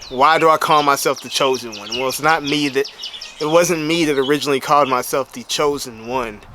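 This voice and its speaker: A man's voice: mid-range voice, brisk, background noise. A man, a bodybuilder, telling a story in a casual, slang-heavy way that is full of "you know what I'm saying.". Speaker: bodybuilder and motivational speaker.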